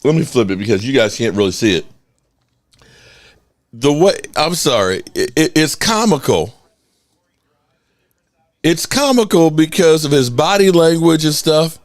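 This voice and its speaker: Man, sports reaction host, lively rising and falling voice, slightly high, dry close sound, laughs a lot. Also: measured pace, long pauses, no echo. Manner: laughs a lot, repeats lines mockingly. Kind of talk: live reaction stream.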